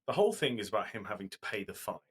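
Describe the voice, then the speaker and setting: A man's voice: fairly low pitch, very animated, rapid-fire, husky. A man co-hosting a podcast, retelling a show in a rambling, casual way with lots of fillers. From Britain. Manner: rambling storytelling recap with fillers. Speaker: podcast co-host. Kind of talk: casual chat.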